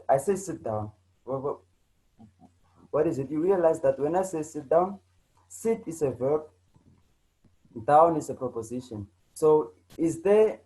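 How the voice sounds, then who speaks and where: A South African man teaches a grammar lesson online in a slightly high, somewhat mellow voice, and the audio quality is poor. He repeats himself, often restarts, and keeps checking in with students using "right?" and "you know."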